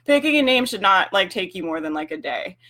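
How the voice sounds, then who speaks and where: A young woman talks to her livestream audience in a loose, blunt way. She peppers her speech with "like" and the occasional swear word, and her voice sits at a middle pitch. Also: sing-song, brisk, bright, forceful tone. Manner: frank, swears freely, lots of filler "like". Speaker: livestream host coaching business owners. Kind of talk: casual livestream talk.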